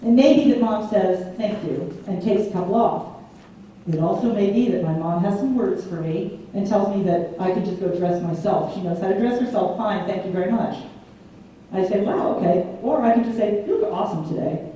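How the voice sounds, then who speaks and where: A woman giving a public lecture, telling lively stories and acting out the voices she quotes. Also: medium pitch, moderate pace. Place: large community hall. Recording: echoey hall from far off, faint hum.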